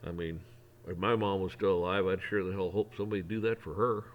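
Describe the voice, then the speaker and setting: A man's voice: deep voice, fairly even intonation, quick pace, dull audio, a little hiss or hum. Folksy middle-aged man rambling. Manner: rambling, folksy, with frequent restarts. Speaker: vlogger. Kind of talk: casual opinion monologue.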